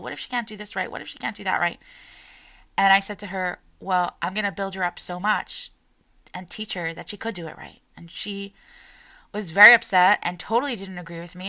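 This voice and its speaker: A woman in her forties, a mother giving an earnest, heartfelt personal talk with a soft, emotional delivery. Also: mid-range voice. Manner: earnest and emotional, voice softening as she tears up. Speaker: parent sharing her story.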